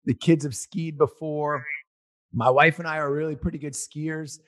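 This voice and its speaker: Forties guy rambling through a family story, kinda high voice, gets loud and worked up. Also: normal speed. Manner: rambling and animated, gets loud reliving an argument. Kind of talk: casual personal storytelling.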